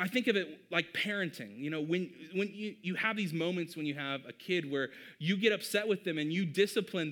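Pastor, male, thirties, relaxed talky sermon delivery with a bright, slightly high voice. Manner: conversational, addresses the crowd as "you guys".

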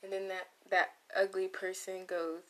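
Close to the mic, a young female vlogger delivers a loose, funny monologue, drifting off track with playful side comments. She speaks at a normal speed in a mid-range voice with little pitch movement.

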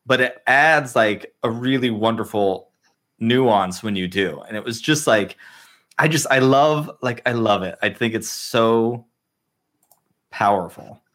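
A man's voice: medium pitch, measured pace, a bit bright. A man hosting a casual podcast discussion, gushing and filling his talk with "like.". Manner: gushing, with many "like" fillers. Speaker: podcast host.

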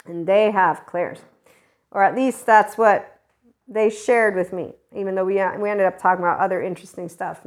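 A woman hosting a spiritual talk podcast, speaking in a rambling, candid way, laughing often and swearing freely. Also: mid-range voice. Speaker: podcast host. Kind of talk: casual spiritual monologue.

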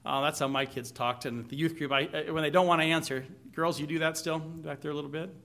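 A man's voice: a little high, fairly even intonation, quick pace, a bit bright. A man preaching a sermon, reading scripture aloud and asking the congregation questions with light humor. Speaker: pastor.

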